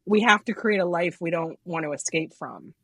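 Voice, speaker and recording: A woman co-hosting a podcast, chatting casually with halting restarts and frequent laughter. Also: fairly low pitch, no echo. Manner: halting restarts, laughs often, self-deprecating. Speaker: podcast co-host. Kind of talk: casual conversation.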